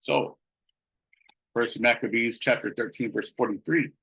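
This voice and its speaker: A man's voice: mid-range voice, measured pace, vocal fry, bright, forceful tone, husky, low-quality recording. A man teaching a Bible study in a casual, conversational way, reading passages aloud and checking in with "right?" as he goes. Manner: conversational, many fillers and "right?" tag questions.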